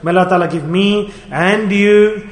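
A man's voice: high-pitched, normal speed. A man preaching a sermon, emphatic, repeating key words and asking the listeners rhetorical questions. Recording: echoey hall with long reverb.

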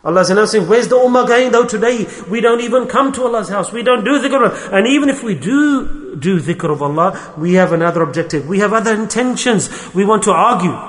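A man's voice: high-pitched, expressive, a little fast, hardly any pauses, fairly bright tone. A man delivering an earnest religious sermon, telling stories to make his points. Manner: earnest storytelling with frequent religious terms. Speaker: preacher. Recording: long hall reverb.

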